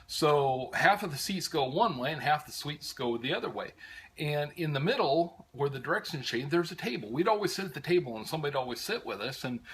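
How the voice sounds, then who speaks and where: A man's voice: on the high side, lively intonation, brisk, slight background noise. Rambling American man telling a travel story. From United States. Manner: rambling, many "uh"s and restarts, warm fondness. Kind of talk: casual storytelling.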